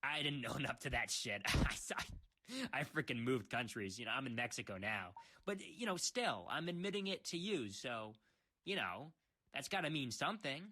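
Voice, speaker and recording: A man's voice: mid-range voice, lively intonation, normal speed, pushed and bright, slight background noise. A man rambling through a mock-serious comedic monologue as a puzzle world's creator, stammering and restarting often.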